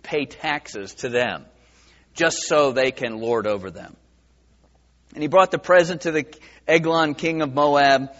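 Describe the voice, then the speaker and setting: A man's voice: a little high, fairly bright tone. A man teaching through a Bible passage verse by verse in a conversational way, with many fillers. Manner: conversational, many fillers, acts out quoted voices. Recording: dull sound with long reverb in a large hall.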